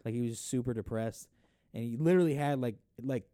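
A man's voice: medium pitch, a little fast, mellow, no room sound, clean studio sound. A young man in casual chat, rambling and swearing while watching a football match. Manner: rambling, swears a lot, bursts into mock voices.

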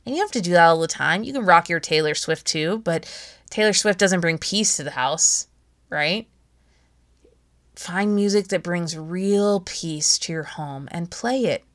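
A woman's voice: fairly low pitch, unhurried, fairly bright tone. Chatty laughing woman podcast host. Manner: chatty, laughs often, playful asides. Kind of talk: casual podcast talk.

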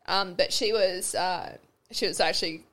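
A young adult Australian woman, a podcast guest, telling a story in an animated, giggly way with fillers and the odd swear word. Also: fairly low pitch, moderate pace. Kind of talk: casual chatty storytelling.

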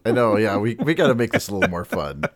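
Man, podcast co-host, very deep voice, easygoing, giggly. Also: very animated, quick pace. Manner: giggly, easygoing, laughs often. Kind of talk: casual chat.

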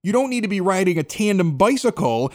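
A man's voice: high voice, big pitch swings, a little fast. A middle-aged man with a Chicago accent, hosting a podcast and telling a story in casual chat, acting out the dialogue. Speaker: podcast host.

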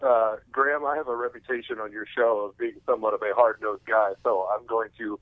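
A man's voice: fairly low pitch, fairly even intonation, fairly quick, no echo. A man calling in as a guest on a casual podcast, ranting with heavy profanity about things he hates. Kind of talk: casual wrestling podcast chat. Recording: muffled phone-line sound.

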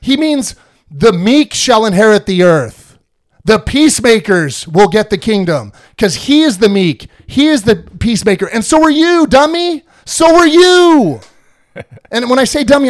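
Male podcast host, high-pitched and animated, slangy casual chat. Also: moderate pace. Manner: animated, slangy, repetitive restarts.

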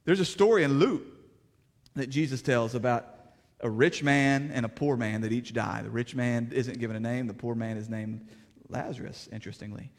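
A man preaching a sermon as pastor, in plainspoken, folksy words, swinging between fervent raised passages and hushed, quiet stretches. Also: medium pitch, normal speed. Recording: reverberant hall.

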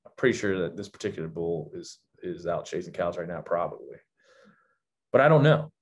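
A man's voice: low-pitched, animated, a little fast. A man talking as a podcast guest, candid and reflective, often restarting his sentences. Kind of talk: casual podcast chat.

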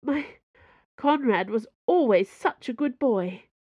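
A woman's voice: a little high, expressive, takes it slowly, dry recording, dull audio, voice pushed up. A woman voicing a frightened older woman prisoner who speaks in a small, timid voice.

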